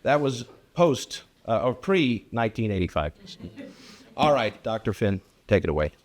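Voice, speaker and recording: A man's voice: on the low side, sing-song, moderate pace. Guy running a hearing, cracks jokes, casual. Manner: joking, informal. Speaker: hearing moderator. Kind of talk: public hearing remarks. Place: hearing room.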